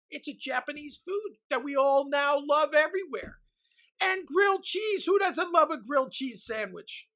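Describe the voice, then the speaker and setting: A woman's voice: high voice, lively intonation, measured pace, a bit bright, low-quality recording. A woman hosting a children's music show in an eager, exclamatory way. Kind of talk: enthusiastic kids' show hosting.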